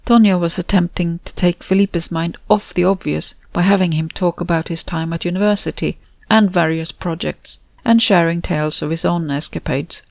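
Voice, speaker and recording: A woman narrating her own novel in the first person, in a soft, low-key way, recorded on a close mic. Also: fairly even intonation, moderate pace, vocal fry, few pauses, no echo, poor audio. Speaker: audiobook narrator and author.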